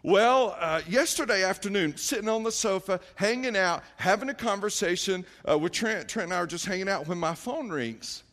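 A man's voice: high-pitched, moderate pace, few pauses, a bit bright. A middle-aged man, preaching a sermon, telling a story conversationally with fillers and restarts before building to emphatic exhortation. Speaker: pastor.

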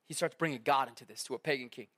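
A man preaching a casual sermon, talking to the crowd like a friend, with quick asides and acted-out quotes. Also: medium pitch, a bit bright. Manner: conversational, acts out quotes, many asides.

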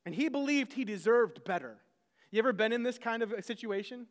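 A man's voice: extremely high pitch, lively intonation, brisk, in a large hall. A man, a pastor, preaching a sermon conversationally, with self-deprecating asides to the congregation.

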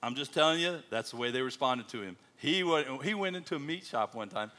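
A man's voice: medium pitch, a little fast. A middle-aged American man, a missionary, telling stories to a church congregation. He acts out the quoted lines in a joking voice. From United States. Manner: animated storyteller, acting out quotes with a jokey voice. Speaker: missionary speaker.

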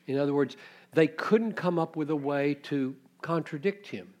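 A man's voice: fairly high pitch, moderate pace, darkish tone. A man preaching an expository sermon, teaching reflectively and posing rhetorical questions to his listeners.

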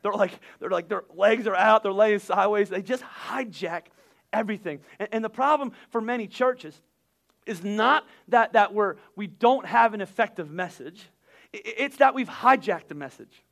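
A man, preaching a sermon with energetic, repetitive emphasis that builds to loud peaks. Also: sits high, normal speed, creaky. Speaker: pastor.

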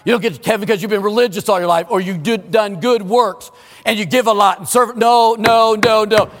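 A male pastor preaching a sermon in a church, emphatic, swinging between loud exclamations and hushed asides. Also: sits high, quick pace, big-room sound, soft background music. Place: church sanctuary.

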